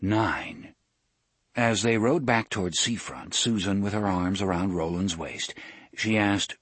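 A man narrating an audiobook in a measured, deliberate way. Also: on the low side, a bit bright, slightly rough, no echo.

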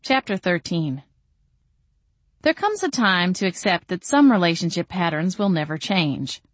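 Low-voiced woman narrating a novel. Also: lively intonation, a little slow, no room sound. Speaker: audiobook narrator. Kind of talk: first-person novel narration.

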